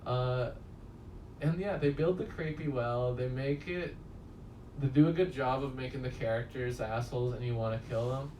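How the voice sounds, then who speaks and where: A man's voice: medium pitch, normal speed, warm tone, recorded from a distance. A man talks through a movie review in a loose, rambling way, swearing freely and chuckling at his own stories. His mid-range voice sits a little away from the mic. The room is echoey, with a faint hum of background noise. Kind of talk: casual spoken film review.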